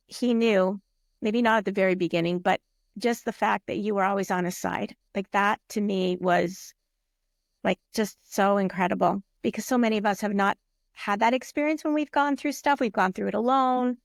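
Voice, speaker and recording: A woman hosts a podcast interview, speaking sincerely and reflectively with soft fillers. Her voice has a strong vocal fry running through it. The sound is dry and close. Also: medium pitch, steady tone, moderate pace, no echo. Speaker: podcast host. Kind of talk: conversational interview.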